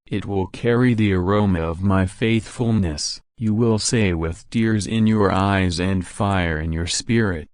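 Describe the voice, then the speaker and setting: A man voicing God in a scripted devotional narration, speaking in a slow, measured, reassuring way. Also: low voice, a little mellow, no echo, studio quality. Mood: solemn reassuring. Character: God speaking to his child, calm and solemn.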